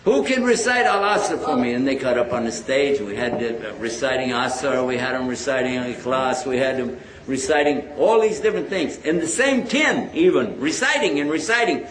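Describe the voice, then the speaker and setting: A man's voice: medium pitch, moderate pace, few pauses, crowd noise. A man giving a storytelling lecture about his faith, acting out the dialogue of the people he talks about. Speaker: Islamic lecturer. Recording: echoey hall.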